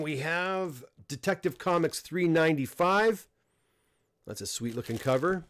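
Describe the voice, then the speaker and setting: A middle-aged Canadian man hosting a casual livestream unboxing, talking in a relaxed, rambling way with frequent restarts and fillers. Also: fairly high pitch, measured pace. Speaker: comic book dealer and host. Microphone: desk microphone close up.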